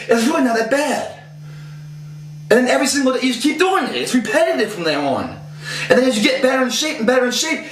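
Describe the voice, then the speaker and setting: A man's voice: extremely high pitch, a bit bright, slight background noise. A man giving an intense, profane, emphatic fitness motivational talk. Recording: echoey room.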